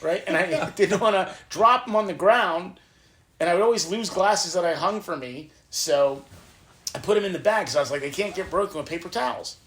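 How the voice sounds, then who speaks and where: A man hosting a podcast, telling personal stories in an animated, profane, casual way. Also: high voice, a little fast. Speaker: podcast host. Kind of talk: casual storytelling chat.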